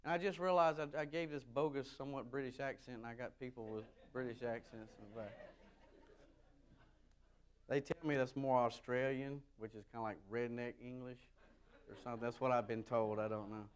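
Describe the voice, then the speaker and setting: A pastor from the United States preaching a sermon to his congregation, animated and rising loud when he reads scripture, with wry asides. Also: mid-range voice, a little fast, smooth. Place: church sanctuary with a congregation.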